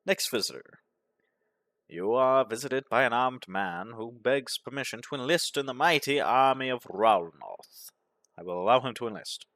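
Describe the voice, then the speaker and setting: Man, deadpan game playthrough narration, dry close sound, mid pitch. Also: normal speed, no room sound. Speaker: gaming commentator.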